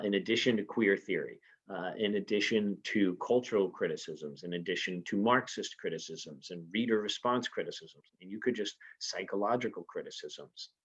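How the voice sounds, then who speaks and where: A man's voice: lowish voice, a bit bright. A man teaching a literature lesson in an informal way, often checking in with his listeners by asking "right?". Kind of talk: recorded literature lecture. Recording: slightly muffled lo-fi recording.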